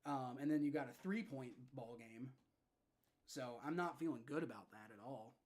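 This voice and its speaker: A young man hosting a live fan reaction stream with play-by-play, frustrated and swearing, dropping to low mutters and rising to shouts. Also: moderate pace. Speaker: livestream reaction host.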